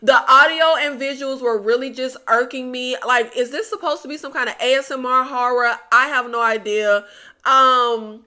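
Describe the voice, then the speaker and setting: A woman's voice: high-pitched, steady tone, moderate pace, bright, forceful tone. A woman reviewing films in casual chat, blunt and exasperated, talking straight to her viewers. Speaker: movie reviewer.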